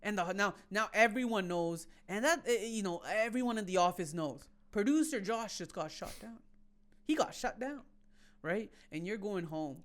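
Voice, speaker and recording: Woman comedian, podcast host, playful storyteller, mid pitch. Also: lively intonation, normal speed. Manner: playful storyteller, building bits. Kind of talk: casual comedy podcast chat.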